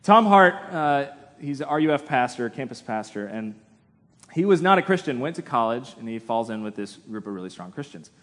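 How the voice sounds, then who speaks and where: A man preaching a sermon in a relaxed, conversational way, with self-deprecating humor. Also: mid-range voice, brisk. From United States. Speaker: pastor. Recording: long hall reverb.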